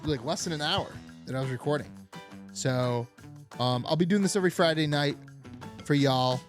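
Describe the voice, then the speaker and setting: A man's voice: a little high, moderate pace, soft background music. A young man hosting a political comedy podcast, talking in a rambling, sarcastic way with lots of filler words. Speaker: podcast host. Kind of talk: unfiltered political comedy monologue.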